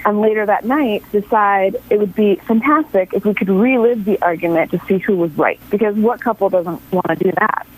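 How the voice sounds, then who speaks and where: A woman's voice: mid-range voice, brisk, hardly any pauses, rough recording. A woman in her thirties from New York City, an actress chatting as a radio interview guest, laughing often and restarting her sentences. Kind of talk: casual interview chat.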